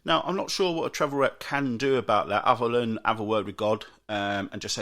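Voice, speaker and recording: A man's voice: medium pitch, brisk, hardly any pauses, fairly bright tone. A British man hosting a solo podcast, chatting and ranting about everyday moans. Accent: British English. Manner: chatty ranting, mocks moaners in put-on voices. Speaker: podcast host.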